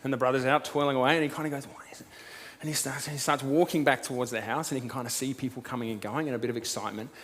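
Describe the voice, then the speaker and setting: A pastor giving a sermon as casual storytelling, swinging from loud to hushed. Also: male voice, mid-range voice, fairly even intonation, very fast, hardly any pauses. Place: church auditorium. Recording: long hall reverb.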